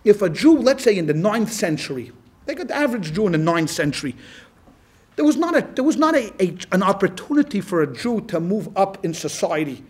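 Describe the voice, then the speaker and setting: A male rabbi giving a lecture to a class in a lively, conversational way, with frequent restarts. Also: sits high, fairly quick, husky. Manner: animated and conversational, with many restarts. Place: class with a live audience.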